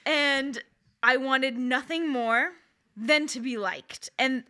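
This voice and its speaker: A woman's voice: high-pitched, slow, pushed and bright. A woman in her thirties co-hosting a podcast, talking in a candid, wry and self-deprecating way. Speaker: podcast co-host. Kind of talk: casual chat.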